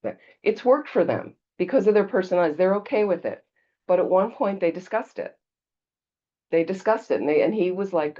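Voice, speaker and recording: A woman's voice: on the low side, lively intonation, brisk, mellow, dull audio. A woman Buddhist teacher giving a casual dharma talk, telling stories conversationally and checking in with her listeners. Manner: conversational storytelling, checks in with "okay?".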